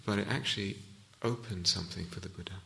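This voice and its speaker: A man's voice: low-pitched, fast talker, gravelly, pushed and bright. A man giving a reflective Dharma talk as a meditation teacher in a hall, often restarting and searching for words.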